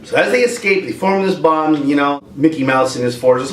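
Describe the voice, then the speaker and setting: A video creator rants comically and rambles at home in a room with a dog, slipping into different voices. His voice is fairly high and fairly bright, with lively intonation and a moderate pace. The recording sounds roomy, as if he's far from the mic.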